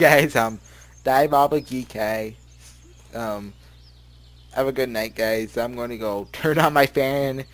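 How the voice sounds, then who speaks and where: A man's voice: medium pitch, a bit bright, slight background noise. Giggly rambling man reading a game aloud. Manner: rambling, giggly, stumbles over words. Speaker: let's play gamer. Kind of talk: casual let's play commentary, reading game text aloud. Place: his bedroom at home.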